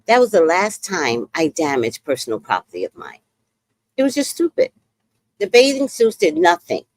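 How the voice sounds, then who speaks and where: A woman hosting a podcast, recapping a reality show in a casual, animated way and acting out what people said. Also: on the low side, normal speed, no room sound. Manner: animated, exclaims and acts out quotes. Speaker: podcast host.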